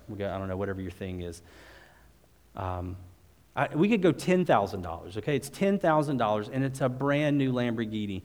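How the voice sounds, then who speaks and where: Low-voiced man preaching in a reverberant hall. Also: animated, a little fast, darkish tone. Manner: earnest, conversational, with frequent restarts. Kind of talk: sermon and closing prayer. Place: church service. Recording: long reverb of a large hall.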